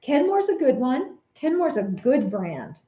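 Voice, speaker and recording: A woman chatting casually with viewers on a live vlog, animated and laughing often as she reads comments. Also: sits high, unhurried. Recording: roomy, dull lo-fi sound.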